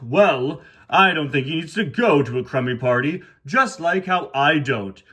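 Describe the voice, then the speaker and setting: Haughty big engine, slightly raised and sharp , put on by a man. Toy-train parody. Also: fairly high pitch, animated, unhurried, breathy edge, heavily acted. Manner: pompous, haughty. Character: pompous big male express engine.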